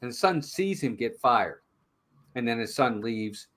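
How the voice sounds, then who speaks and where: A man with a mid-range voice talks at a measured pace while co-hosting a movie review show. He keeps things casual, retelling the plot like an animated storyteller and performing the characters' lines himself.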